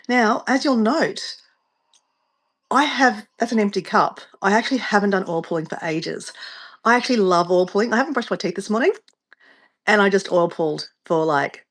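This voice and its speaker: A woman with an Australian accent, from Southeast Queensland, chatting casually while hosting a livestream from her home and rambling off on tangents. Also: mid-range voice. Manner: rambling, chatty, easily sidetracked. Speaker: livestream host. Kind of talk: casual live-stream chat.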